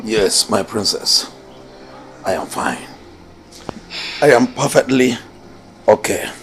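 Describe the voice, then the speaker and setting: A man's voice: on the low side, expressive, fairly bright tone, slight background noise. An actor with a Nigerian accent playing a king speaking fondly to his daughter. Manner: slow, gravelly, affectionate.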